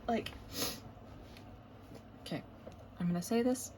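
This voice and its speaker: A woman's voice: fairly high pitch, slow, mellow, a little hiss or hum, rough recording. A woman in a casual, rambling chat while she works on a diamond painting at home, with lots of fillers and small laughs. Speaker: crafting vlogger.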